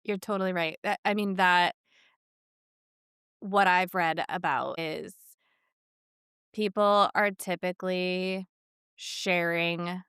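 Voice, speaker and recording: A woman in her thirties co-hosting a podcast, speaking in a thoughtful, measured way in casual chat. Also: on the low side, fairly even intonation, a bit bright, clean tone, no echo, clean studio sound. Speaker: podcast co-host.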